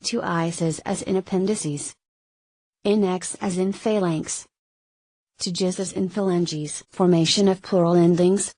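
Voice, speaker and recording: A woman reading medical terminology textbook pages aloud, word by word, in a flat, measured way. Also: lowish voice, no echo, low-quality recording. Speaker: narrator of a medical terminology lesson.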